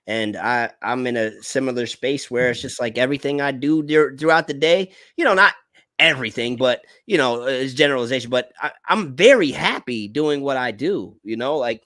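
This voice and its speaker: An American man hosting a casual talk. He tells animated personal stories, often restarts his words and calls people "bro". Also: medium pitch, normal speed, dry recording. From United States. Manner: animated storytelling, repeats words, says bro. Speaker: podcast host. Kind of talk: casual conversation.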